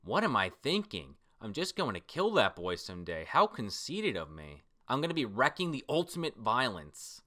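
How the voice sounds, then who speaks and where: A man reading a comic's lines as a bitter, guilt-ridden young man, slower and lower than his own talk. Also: wildly swooping pitch, bright, forceful tone. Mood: brooding.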